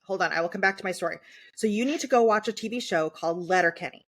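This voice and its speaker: A woman's voice: mid-range voice, fast. A woman co-host with a mid-range voice. She chats with eager enthusiasm and drops casual swears. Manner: enthusiastic, profane. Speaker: podcast co-host. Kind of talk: casual chat.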